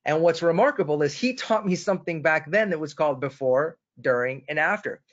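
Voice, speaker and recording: A man's voice: fairly high pitch, expressive, a little fast. A man from Boston presenting a sales webinar, telling a story with enthusiasm and turning to his co-host by name. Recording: dull lo-fi webinar audio.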